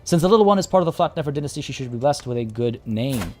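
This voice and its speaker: A man voicing an overjoyed elderly queen of a game dynasty, reading her lines slowly and theatrically. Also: mid-range voice, expressive, a little mellow, soft background music, lightly acted. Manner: slow, gushing, theatrically delighted.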